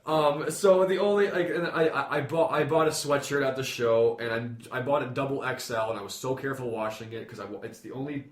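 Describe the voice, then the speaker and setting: A man co-hosting a podcast in casual chat, gushing with enthusiasm and stumbling over repeated words when excited. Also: medium pitch, fairly quick, hardly any pauses. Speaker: podcast co-host. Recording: roomy echo.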